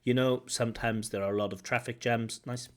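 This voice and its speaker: A man's voice: medium pitch, fairly even intonation, a little fast. A man giving feedback on a speaking test, explaining points and repeating phrases aloud to model intonation. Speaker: IELTS examiner giving feedback. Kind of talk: teaching commentary.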